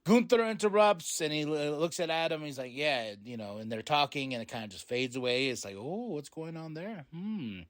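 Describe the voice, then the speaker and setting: Guy on a podcast hyped up going over last night's wrestling, kinda high voice, dry close mic. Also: normal speed, hardly any pauses, no room sound. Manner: excited, loose, swears and paraphrases wrestlers. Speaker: podcast host. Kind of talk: casual wrestling show recap.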